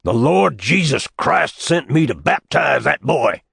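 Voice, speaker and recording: A man's voice: on the low side, big pitch swings, a little slow, a bit bright, breathy edge, dry recording, studio quality, full character voice. A man voicing a fierce old backwoods prophet. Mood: zealous, shouting. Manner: hollering, rural drawl, zealous.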